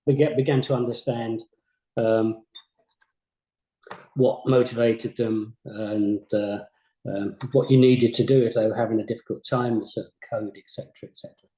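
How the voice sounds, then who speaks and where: Older guy musing about the old days, mellow voice, kinda echoey room, lots of stops and restarts. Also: medium pitch, steady tone, moderate pace. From England. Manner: hesitant, repeats words, modest. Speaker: former games company CEO, interview guest. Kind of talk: reflective interview chat. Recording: roomy echo.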